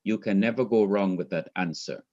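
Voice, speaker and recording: A man's voice: deep voice, moderate pace, darkish tone, dull audio. A man from Jamaica teaching a Hebrew class online, explaining patiently and repeating his points.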